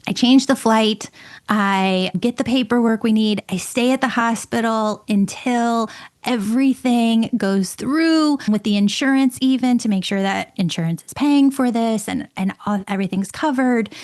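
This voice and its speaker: Host: middle-aged woman, mid pitch, emphatic and excitable storyteller. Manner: emphatic, excitable, repeats words. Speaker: podcast host and medium. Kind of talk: personal storytelling monologue.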